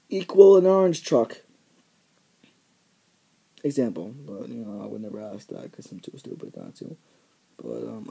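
A man's voice: sits high, vocal fry, dark tone, husky. A teenage boy ranting casually on his vlog, profane and rambling, full of filler words. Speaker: vlogger.

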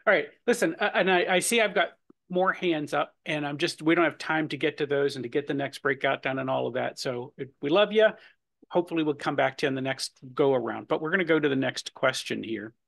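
A man's voice: fairly high pitch, brisk, fairly bright tone. A man hosting and moderating a discussion over a video call, chatty and engaging. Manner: gravelly, chatty. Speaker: host.

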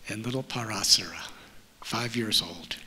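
A man, a spiritual teacher telling a story to an audience in a library auditorium, speaking gently and letting his phrase endings fall soft. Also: on the low side, moderate pace, breathy edge. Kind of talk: storytelling talk.

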